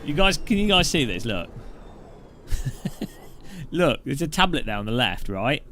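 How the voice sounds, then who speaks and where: A man's voice: medium pitch, sing-song, a little slow, a bit bright, a little hiss or hum. A man giving casual, joking commentary while driving a racing sim, chatty and rambling with frequent laughs and restarts. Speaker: sim racing video host.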